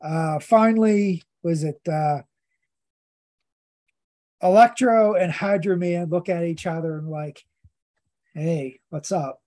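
Slow, rambling podcast host. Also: medium pitch, mellow. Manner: rambling, hesitant, many fillers. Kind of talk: casual recap of a comic story.

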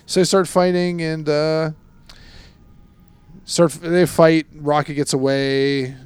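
A man's voice: fairly high pitch, level tone, slow, a little mellow, smooth, no echo. A man co-hosting a casual comic chat, summarizing a story with many fillers and restarts. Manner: hesitant, filler-heavy. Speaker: podcast co-host.

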